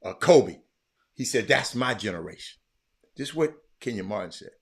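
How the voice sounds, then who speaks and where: A man hosting a casual sports commentary talk, telling a story animatedly and getting loud when he quotes others. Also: lowish voice, lively intonation, moderate pace, slightly rough. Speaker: podcast host.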